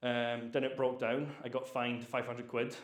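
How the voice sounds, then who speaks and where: A man's voice: mid-range voice, level tone, measured pace. Man, Scottish accent, Polish native, young adult, rambling casual interview talk, echoey room. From Scotland. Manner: rambling, frequent fillers and restarts. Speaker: private chef, guest.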